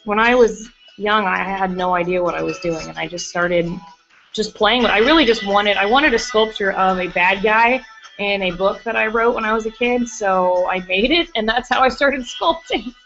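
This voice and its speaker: A woman's voice: medium pitch, moderate pace, a bit bright. Chatty woman gushing over her sculpting. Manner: chatty and gushing, answers chat questions. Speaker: live-streaming sculptor. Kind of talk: casual chat while working. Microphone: computer mic on a livestream. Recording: muffled lo-fi stream audio, faint music.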